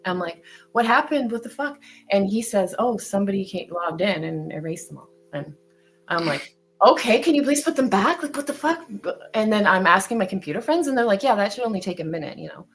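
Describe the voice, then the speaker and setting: Woman telling an animated, swear-heavy story. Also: medium pitch, brisk, a little hiss or hum, rough recording. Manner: animated storyteller, swears a lot, acts out her own lines. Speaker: stream co-host. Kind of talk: casual chat.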